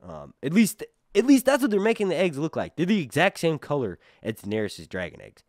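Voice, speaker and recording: A man's voice: on the high side, brisk, gravelly, no echo, clean studio sound. A man giving casual, rambling commentary as a show reviewer, full of fillers and restarts. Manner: rambling, many fillers and restarts, animated bursts.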